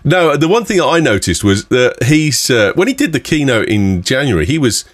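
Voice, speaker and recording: A man hosting a casual tech podcast, rambling in a relaxed way and laughing often. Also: medium pitch, a little fast, no echo. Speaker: podcast host.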